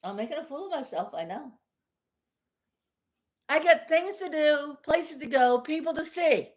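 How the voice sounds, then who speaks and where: Heated, high-voiced woman ranting on a vlog. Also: lively intonation, unhurried. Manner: heated and blunt, with mild swearing; rambling and repetitive. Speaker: vlogger. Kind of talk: casual vlog rant. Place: at home.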